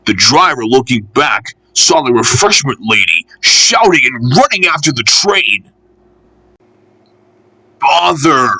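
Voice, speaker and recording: A man reading a children's railway storybook aloud in an expressive, measured way. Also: medium pitch, no echo.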